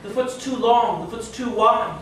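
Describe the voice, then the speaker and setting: A man's voice: very high voice, normal speed, pitched above the performer's own voice. A man voicing two storybook doves that chant a rhyming warning in a sing-song way. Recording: echoey room, distant mic, noisy.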